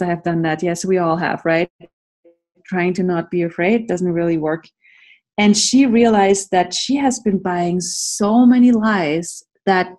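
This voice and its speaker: A woman's voice: medium pitch, darkish tone. A middle-aged woman leading a workshop on a video call, talking playfully and laughing often. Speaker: workshop facilitator. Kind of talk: live online class talk.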